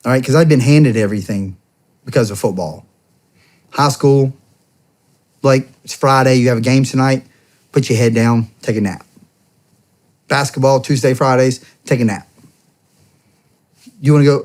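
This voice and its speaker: A man's voice: medium pitch, normal speed, pauses often. A man in his thirties, a podcast guest, telling stories casually and acting out the dialogue in them. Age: 30s. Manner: animated, acts out quoted dialogue. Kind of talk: casual storytelling.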